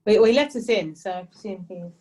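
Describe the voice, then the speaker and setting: A woman chatting on a video call, outspoken and emphatic with quick asides. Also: medium pitch, mellow, husky. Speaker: class participant. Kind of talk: casual chat.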